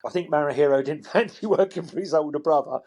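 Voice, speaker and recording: Chatty koi dealer, bright voice. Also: male voice, on the high side, quick pace, husky. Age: middle-aged. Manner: chatty, acts out quotes, chuckles, repeats words. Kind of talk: anecdotal storytelling.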